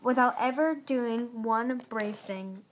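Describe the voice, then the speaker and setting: A woman's voice: on the high side, slow, background noise. An anxious young male dragon asks hesitant, worried questions, as a woman reading aloud voices him. His tone is nervous and uncertain.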